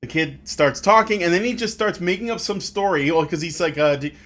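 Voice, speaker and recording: Halting man retelling a scene. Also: sits high, fairly bright tone. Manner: halting recap with many restarts. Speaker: podcast co-host. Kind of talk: casual chat.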